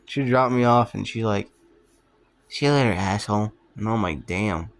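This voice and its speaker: In a lowish voice at normal speed, a young male vlogger casually rambles through stories from his childhood. He curses, keeps things offhand, and regularly laughs at himself.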